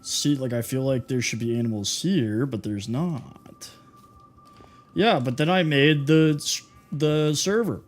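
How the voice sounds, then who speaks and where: Streaming a building game live, a man chats casually and teases his viewers as he reads their messages aloud. He speaks at medium pitch and a little slowly.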